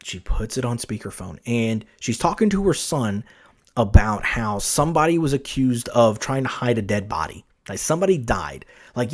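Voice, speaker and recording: A man at a mid pitch hosts a solo podcast, spinning a casual story. He rambles, restarts his sentences and leans on filler words as he goes. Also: normal speed. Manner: rambling, full of "like" and "you know", many restarts, animated. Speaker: podcast host.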